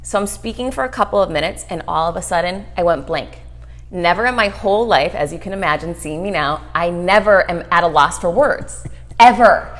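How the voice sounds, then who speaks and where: A middle-aged woman guest telling a story fast and animated in an interview, acting out quotes as she goes. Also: on the low side. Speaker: guest, author and speaker.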